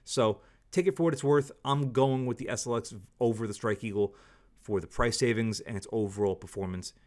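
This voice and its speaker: A man's voice: mid-range voice, brisk, a little mellow. A man giving a candid, opinionated product review, talking casually and repeating stock phrases. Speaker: scope reviewer.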